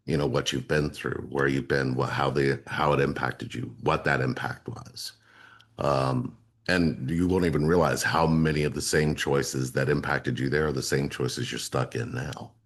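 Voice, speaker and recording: Very deep-voiced earnest man. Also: fairly even intonation, normal speed, vocal fry, breathy edge. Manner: earnest, repeats words for emphasis. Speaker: relationship coach, co-host. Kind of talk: casual explanatory talk.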